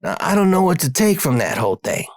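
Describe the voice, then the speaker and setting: A man with a slightly raised pitch tells a rambling, profane story from his own streetwise life. He sounds close to the mic, with no room around him. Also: very animated, fast talker, no room sound. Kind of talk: casual storytelling monologue.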